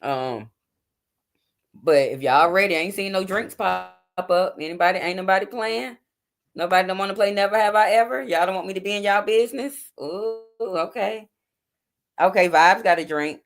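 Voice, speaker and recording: A woman in her forties hosting a casual livestream from home at night, chatting informally and talking straight to her viewers. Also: lowish voice. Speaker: livestream host. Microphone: phone or webcam.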